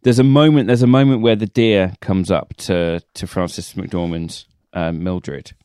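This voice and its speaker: A man with a fairly low voice walks through film scenes in detail and muses on what they mean, often restarting his sentences. He speaks as a podcast co-host. The recording is dry and close-miked. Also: steady tone, measured pace, warm tone, clean tone, dry recording. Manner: detailed, reflective retelling with many restarts. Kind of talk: casual film discussion.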